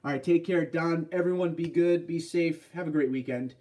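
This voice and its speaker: A man's voice: fairly high pitch, normal speed, recorded from a distance. Laid-back man chatting on a livestream. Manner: relaxed, chatty, reads and answers viewer comments. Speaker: livestream host. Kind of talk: casual live stream chat.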